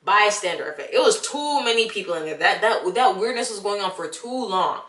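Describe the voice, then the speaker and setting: A young woman, casually ranting about a movie she saw and talking straight to the viewer in an animated, exasperated way. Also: mid-range voice, fairly quick, reverberant. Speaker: vlogger. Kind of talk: casual movie review rant.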